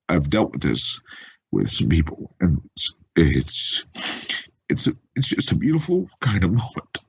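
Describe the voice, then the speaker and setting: A man with a very low, husky voice talks through an interview, stopping and restarting as he gets emotional. The recording sounds dull and lo-fi. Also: huge pitch swings. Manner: halting, emotional, many restarts. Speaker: author being interviewed. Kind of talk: conversational interview.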